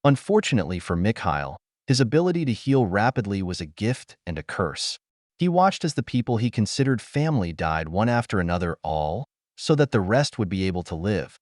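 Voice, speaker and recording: A man with a low voice narrates an audiobook, reading in a lively, expressive way with wide swings in tone. The recording is dry and close, with no room sound around it. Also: a little fast, no echo.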